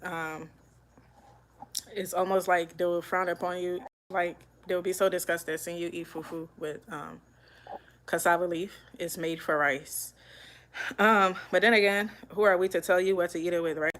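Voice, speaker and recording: A woman's voice: fairly low pitch, fairly even intonation, normal speed, fairly bright tone, a little hiss or hum, rough recording. A young woman from Liberia, chatting casually as she hosts a live cooking stream at home and answers viewer comments while she cooks. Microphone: phone.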